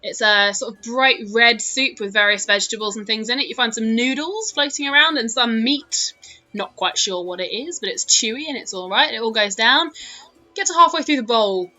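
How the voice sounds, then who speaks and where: A woman's voice: on the high side, animated, normal speed, sharp tone, soft background music. A British woman narrating a tabletop game as dungeon master, chatty and full of fillers. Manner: chatty, laughing, lots of fillers.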